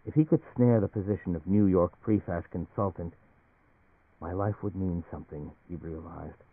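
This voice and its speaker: A man narrating a novel in a measured, even storytelling manner. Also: low voice, slightly rough, dry recording. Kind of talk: audiobook novel reading on radio. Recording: tinny dry radio broadcast.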